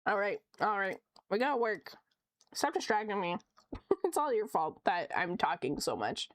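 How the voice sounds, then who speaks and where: A woman's voice: medium pitch, very animated, normal speed, fairly bright tone, dry recording, clean studio sound. A young woman streaming her art, chatting casually and giggling as she reads chat aloud.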